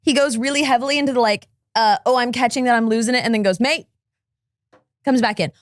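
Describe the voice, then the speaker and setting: A woman co-hosting a casual talk show, chatty and animated as she explains online gossip. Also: on the high side, very fast, dry recording, clean studio sound. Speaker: co-host.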